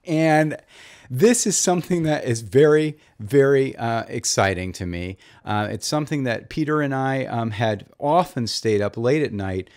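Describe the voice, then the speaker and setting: A man hosting a comedy review show, delivering a mock-earnest monologue in a deadpan, rambling way with constant hesitations. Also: medium pitch, unhurried. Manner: rambling, full of fillers and restarts, deadpan.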